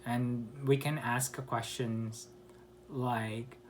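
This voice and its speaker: Man teaching English intonation, halting. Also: fairly even intonation, darkish tone, slight background noise. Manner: explains slowly with many pauses and self-corrections; acts out example questions with exaggerated rising and falling pitch. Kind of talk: online English pronunciation lesson.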